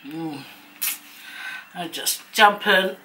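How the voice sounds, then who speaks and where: Kiwi lady vlogging while eating, lowish voice, rambles and laughs a lot. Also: extremely slow, pushed and bright, slight background noise, low-quality recording. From New Zealand. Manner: chatty, rambling, laughs often. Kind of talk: casual chat while eating on camera.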